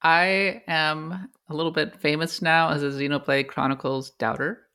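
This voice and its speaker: A co-host on a casual game podcast, with a mid-range voice. They talk in a measured way, weighing their opinions aloud and qualifying what they say. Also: medium pitch, flat delivery, pushed and bright, clear, resonant tone.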